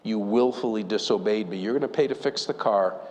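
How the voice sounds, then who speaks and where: A man voicing a gentle, loving middle-aged father who speaks calmly and reassuringly. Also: lowish voice, fairly quick, a little hiss or hum, close to an everyday voice. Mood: tender. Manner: soft, calm, reassuring. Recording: long church reverb.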